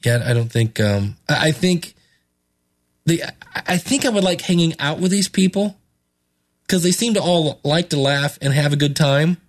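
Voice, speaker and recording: A man's voice: a little high, expressive, normal speed. Rambling, chuckling male podcast host. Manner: rambling, many restarts and chuckles. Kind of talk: casual chat.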